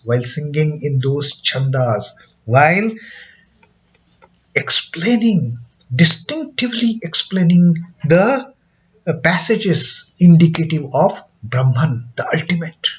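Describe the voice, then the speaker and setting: A man with an Indian English accent explaining a scripture lesson, hesitant with many fillers and repeats, chanting verses slowly. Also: fairly high pitch. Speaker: scripture teacher. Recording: dull lo-fi recording.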